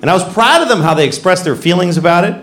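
A middle-aged man doing a stand-up comedy set, telling stories animatedly and acting out voices with loud bursts. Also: sits high, animated, very fast. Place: live comedy stage. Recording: echoey venue with audience noise.

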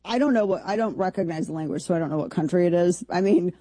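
A woman's voice: fairly low pitch, quick pace, mellow, no room sound. A woman hosting a talk radio show, riffing incredulously and jokingly on a video clip in a rambling way. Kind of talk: opinionated talk radio commentary.

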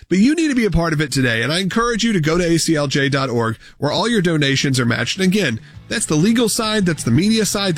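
A man hosting a talk radio show, making an earnest, energetic appeal with repeated points. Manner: earnest, energetic pitch with repetitions.

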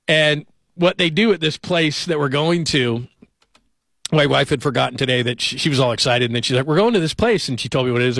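A man's voice: a little high, a bit bright, no echo. Chatty radio host man, dry studio. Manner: chatty, joking storyteller. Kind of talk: casual radio talk. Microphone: studio microphone.

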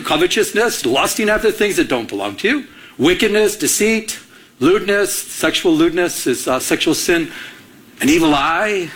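A man's voice: on the high side, a bit bright, a little hiss or hum. A middle-aged man from Michigan preaching a sermon, telling a personal story in a conversational way and acting out the dialogue. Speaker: pastor.

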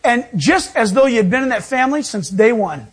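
Pastor guy preaching, husky breathy voice, lots of repeating for emphasis. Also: very high voice, big pitch swings, fairly quick. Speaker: pastor and Bible teacher. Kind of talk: sermon.

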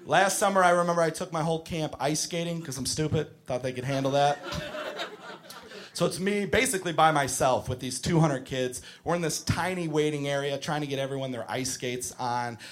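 A young man doing stand-up storytelling, profane and exasperated, breaking into shouts. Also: a little high, brisk. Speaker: stand-up comedian. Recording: live comedy club with audience laughter.

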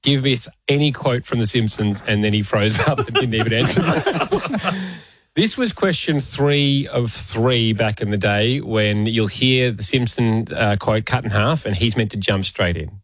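A man's voice: mid-range voice, animated, measured pace, a little hiss or hum. A man co-hosting a radio show, easygoing and teasing. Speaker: radio co-host. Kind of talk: casual chat.

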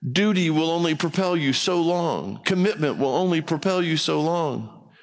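A man's voice: a little high, lively intonation, moderate pace. A man preaching as a pastor, reading scripture aloud and then talking it through in a loose, conversational way. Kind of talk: sermon. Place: church sanctuary. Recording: long hall reverb.

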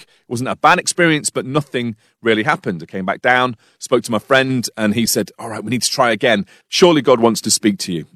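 A man's voice: medium pitch, no room sound. A man from the UK preaching a sermon, telling a personal story with dry humour and then drawing reflective lessons from it.

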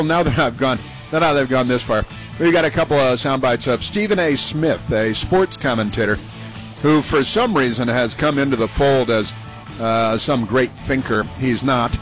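A man's voice: medium pitch, rough recording. A middle-aged man hosting a talk radio show, delivering opinionated commentary with scornful, sarcastic asides.

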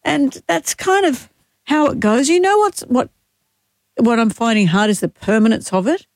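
An Australian woman in her sixties co-hosting a radio show, speaking candidly and haltingly through fresh grief. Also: on the high side, dry recording, clean studio sound. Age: 60s. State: grieving, teary. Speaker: radio co-host. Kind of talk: casual radio chat. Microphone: studio mic.

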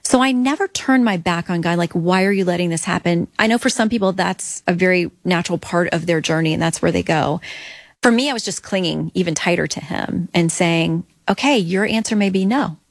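A woman's voice: fairly low pitch, brisk, dry recording. A middle-aged woman as an interview guest, telling an earnest personal faith story and acting out her own prayers.

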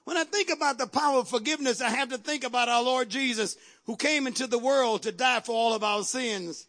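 A man preaching a sermon with emphatic repetition and sudden shouted lines. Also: extremely high pitch, brisk, few pauses. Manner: emphatic, repeats phrases, bursts into shouts.

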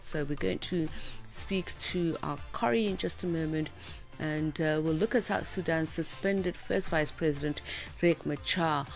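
Female radio co-host, raspy fry in the voice, casual delivery that trails off, light music bed. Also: low voice. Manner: conversational, trails off mid-sentence. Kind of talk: live morning radio presenting. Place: radio studio.

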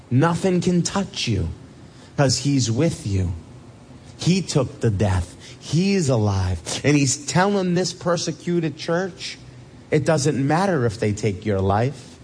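A man preaching a sermon as a pastor, animated, with a husky voice. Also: a little high, slight background noise. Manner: animated, swings from loud questions to soft reassurance.

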